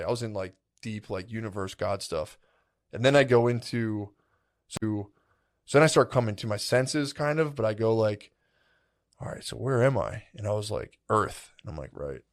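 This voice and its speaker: A man with a mid-range voice is co-hosting a podcast. Chatting casually, he tells a long, rambling tale heavy on "like" and "dude," dramatizing what went through his head back then.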